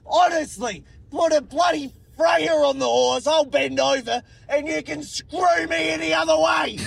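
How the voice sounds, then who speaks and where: A man with an Australian accent calling in to rant loudly about holdups while driving. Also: very high-pitched, measured pace, creaky, hardly any pauses, no room sound. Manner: ranting, shouting in frustration. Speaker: caller. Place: driving in a vehicle.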